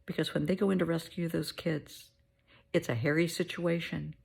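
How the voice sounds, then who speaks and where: A middle-aged woman hosting a heartfelt pep talk, soothing and motherly, sometimes dropping to a soft whisper. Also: low-pitched, steady tone, moderate pace, vocal fry, slightly rough. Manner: soothing, motherly, calls listener honey; drops to soft whispers at times. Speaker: host.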